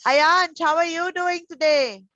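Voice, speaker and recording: A woman teaching young children over a video call, gentle and encouraging, full of endearments. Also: very high voice, unhurried, no echo. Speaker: preschool teacher. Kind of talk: online class with young children. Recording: dull, dry video call audio.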